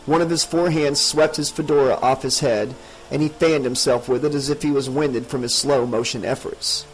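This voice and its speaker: A man narrating a horror audiobook in a steady, dramatic reading. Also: medium pitch, normal speed, faint music behind, low-quality recording.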